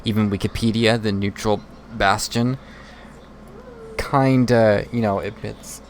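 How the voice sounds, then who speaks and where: A man streaming casual political commentary, rambling and halting with many fillers. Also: fairly low pitch, steady tone, a little hiss or hum. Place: home streaming setup.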